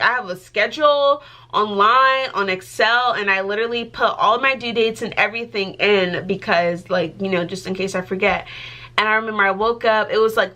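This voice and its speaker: A pregnant young adult woman chats casually with her vlog audience in a pushed, bright, medium-pitched voice. She's giggly and talkative, using plenty of filler words.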